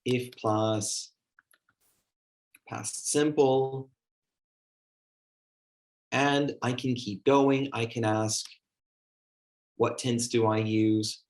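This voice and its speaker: A man's voice: mid-range voice, steady tone, extremely slow, long pauses, darkish tone. A man running an online teaching workshop, chatty and full of fillers, acting out how he talks to a class. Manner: chatty, filler-heavy, demonstrates classroom talk. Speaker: teacher trainer.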